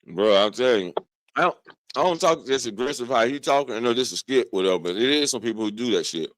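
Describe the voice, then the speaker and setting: A man's voice: mid-range voice, animated, quick pace, no echo. A man in a casual chat who talks bluntly and aggressively, full of slang.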